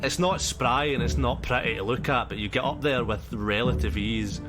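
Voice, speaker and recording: A Scottish-accented man runs a tabletop game as game master, speaking at a moderate pace in a medium-pitched voice. He's hesitant, dropping lots of ums and sort-ofs, with a music bed behind his voice.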